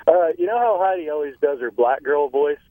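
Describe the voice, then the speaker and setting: A man's voice: a little high, expressive, a little fast, crowd noise. A man calling into a radio show, musing in an easygoing way, over a tinny phone line. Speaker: radio caller. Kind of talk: phone-in chat.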